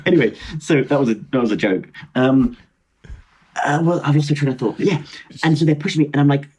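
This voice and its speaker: A young man in his twenties, telling a travel story on a video call as a podcast guest, animated and rambling, mocking himself and restarting his sentences. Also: mid-range voice, a little fast, a little hiss or hum. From Britain. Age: 20s. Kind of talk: casual storytelling chat.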